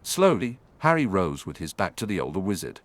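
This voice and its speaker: Low-voiced man narrating an audiobook. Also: sing-song, brisk. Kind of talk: scripted narration.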